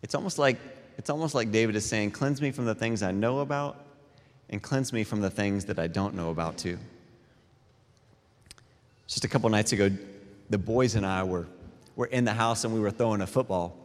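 A middle-aged man preaching a sermon as a pastor, telling animated, self-deprecating stories between scripture readings. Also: on the low side, moderate pace, pauses often. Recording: long reverb in a large hall with faint music.

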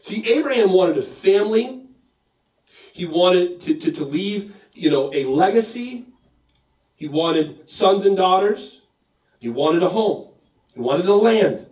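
Animated preacher man in an echoey hall. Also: sits high, slow pace, pauses often, dull audio. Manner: animated, joking storyteller acting out bits. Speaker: pastor. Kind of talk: sermon. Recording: roomy echo, mic at a distance.

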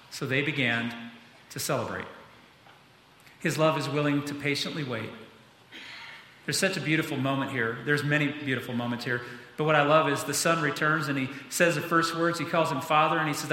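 A man's voice: on the high side, a little fast, bright, forceful tone. A man preaching a sermon to his church in an earnest manner, building to emphatic peaks. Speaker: pastor. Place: church sanctuary. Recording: echoey hall.

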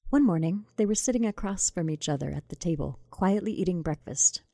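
A woman's voice: fairly low pitch, animated, a little fast, dark tone, no room sound. A woman narrating a comic fairy tale in a wry, scripted way, with conversational asides, recorded close to the mic. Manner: whispered intro. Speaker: storyteller.

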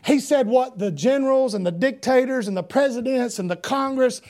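A man preaching a sermon as pastor. He swings between loud shouted preaching and quieter storytelling. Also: very high voice, normal speed. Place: church.

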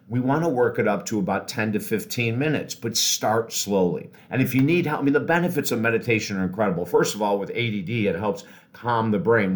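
Energetic, low-voiced male podcast host. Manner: energetic and encouraging, slowing to a soft calm voice for breathing cues. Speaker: podcast host and life coach. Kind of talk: motivational talk with guided meditation.

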